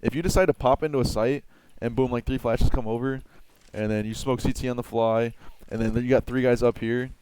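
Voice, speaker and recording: A man's voice: mid-range voice, fairly even intonation, fairly quick, few pauses, a little mellow, clear, resonant tone. A man giving casual game strategy tips, rambling with lots of filler words and the odd swear. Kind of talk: casual tutorial talk.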